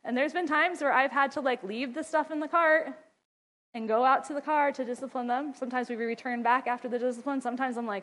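A woman's voice: high-pitched, fairly even intonation, fairly quick, a bit bright. Chatty mother laughing through parenting stories. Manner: chatty, laughing, acting out her own scolding. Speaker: mother and ministry wife giving parenting advice. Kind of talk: casual advice talk.

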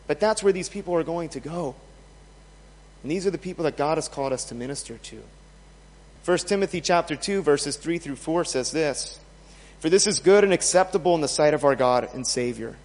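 A pastor preaching a sermon to his church, emphatic, asking rhetorical questions and swinging between loud and soft. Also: a little high, long reverb tail. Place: church in a large hall.

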